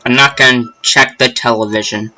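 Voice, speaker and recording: A man's voice: mid-range voice, steady tone, normal speed, bright, forceful tone, soft background music, rough recording. Young man chatting through a game. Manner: rambling, self-deprecating asides. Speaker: gaming channel host. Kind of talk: casual let's play commentary.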